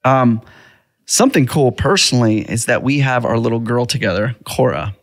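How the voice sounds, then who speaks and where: A man in his thirties hosting a podcast, chatting casually and acting out quotes in a raised, lively voice. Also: mid-range voice, normal speed, no echo, clean studio sound. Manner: animated storyteller, acts out quotes in a raised voice. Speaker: podcast host. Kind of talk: casual chat.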